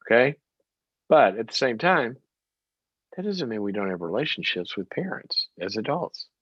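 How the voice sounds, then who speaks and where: Animated male call-in advice host. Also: medium pitch, normal speed, husky, dry recording, muffled recording. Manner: animated, emphatic, repeats words for stress.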